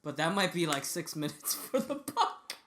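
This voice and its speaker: Man, podcast co-host, playful rambling chat, high pitch. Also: very animated, normal speed, a bit bright, a little hiss or hum. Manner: playful, rambling plugs with fillers.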